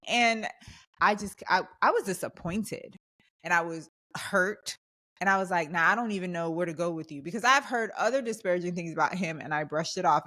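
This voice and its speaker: A woman's voice: medium pitch, a bit bright. A young adult woman co-hosting a podcast, ranting in an emphatic, heated way in casual chat. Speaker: podcast co-host.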